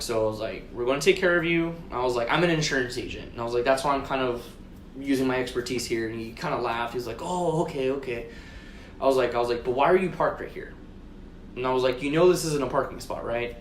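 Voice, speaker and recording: Profane rambling podcast man. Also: mid-range voice. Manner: profane, rambling, retells conversations. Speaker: podcast co-host. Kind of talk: casual chat, storytelling. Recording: roomy echo with faint noise.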